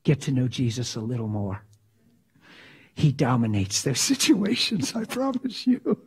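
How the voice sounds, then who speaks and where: A man preaching a sermon, emphatic and dramatic, swinging from loud to hushed. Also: mid-range voice, wildly swooping pitch, measured pace, slightly rough.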